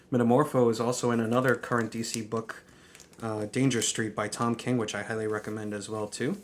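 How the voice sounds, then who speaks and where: A man chatting casually in a vlog, talking warmly, restarting his sentences and laughing often. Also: medium pitch, level tone, normal speed, slight background noise. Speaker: comic book vlogger. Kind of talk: casual chat.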